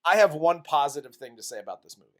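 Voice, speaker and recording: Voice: mid-range voice, sing-song, fast, fairly bright tone. A co-host of a comedy movie review podcast, retelling the plot in a crude, exasperated, laughing way.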